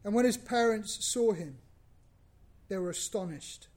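A man preaching a sermon, lively and conversational, acting out bits of dialogue and repeating words as he goes. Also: high voice, unhurried. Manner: animated, acts out biblical dialogue, repeats himself.

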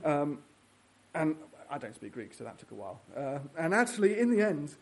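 A man's voice: a little high, very animated, moderate pace. A man preaching a sermon in a church, earnest and teaching verse by verse with fillers and restarts.

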